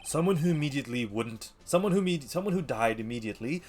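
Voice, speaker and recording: A man voicing a flustered, stern older male judge who draws out his rulings slowly in a raised voice. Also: mid-range voice, lively intonation, darkish tone, slight background noise, close to an everyday voice.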